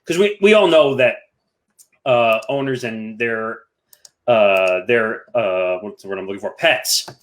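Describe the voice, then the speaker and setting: A man's voice: lowish voice, unhurried, slight background noise. A man co-hosting a casual chat, easygoing, bringing up news items and reading from them. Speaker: co-host.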